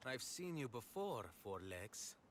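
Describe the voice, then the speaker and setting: A man's voice: mid-range voice, sing-song, measured pace, a bit bright, a little hiss or hum. An actor playing a proud, riddling king in a video game, speaking in a pompous, theatrical way. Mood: haughty.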